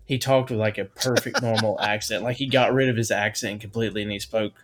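A man hosting a casual chat, telling a story with many fillers and halting restarts. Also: fairly low pitch, steady tone, a bit bright, faint music behind. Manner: halting, full of fillers, laughs easily.

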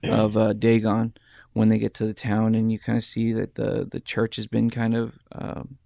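A man's voice: fairly low pitch, completely flat delivery, moderate pace, vocal fry, dark tone, dry recording, clean studio sound. A man in a casual movie discussion, rambling loosely and swearing as he talks it over.

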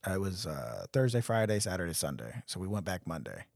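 Animated storyteller man with husky voice. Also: low-pitched, a little fast, no echo, studio quality. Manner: animated, acts out quotes in different voices. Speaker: podcast co-host. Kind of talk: casual storytelling chat.

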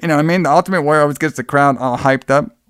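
A man's voice: a little high, racing, a bit bright, smooth, no echo, studio quality. A man hosting a casual podcast chat, enthusiastic, rambling and profane. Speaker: podcast host.

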